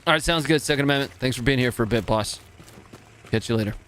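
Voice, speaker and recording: A man's voice: mid-range voice, quick pace, fairly bright tone, a little hiss or hum. A man in his thirties from the United States, casually chatting with viewers while streaming a game, laid-back and chuckling often. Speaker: livestream host.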